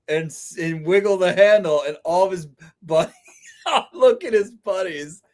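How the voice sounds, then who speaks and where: A man with a slightly high voice tells game stories in an excitable way and laughs as he goes. He speaks casually on a video call panel. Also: measured pace. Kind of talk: casual storytelling.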